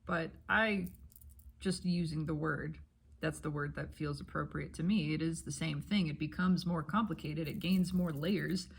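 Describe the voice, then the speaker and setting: A woman with a low, husky voice rambles her way through her thoughts, unhurried and reflective. She talks casually as she eats, sometimes swearing, letting each idea wander into the next. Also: steady tone. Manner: talks with her mouth full while eating breakfast. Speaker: spiritual vlogger.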